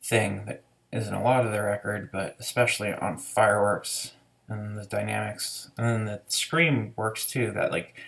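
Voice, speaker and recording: Rambling low-voiced man reviewing an album. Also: steady tone, normal speed, vocal fry, fairly bright tone. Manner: rambling, enthusiastic, many fillers and restarts. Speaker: music reviewer. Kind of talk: casual spoken album review.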